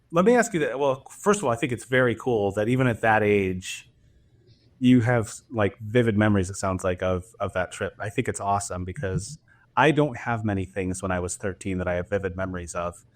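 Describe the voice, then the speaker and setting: A man's voice: fairly low pitch, normal speed. A man hosting a podcast, asking questions in a casual, curious way with many fillers. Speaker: podcast host. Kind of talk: casual interview chat.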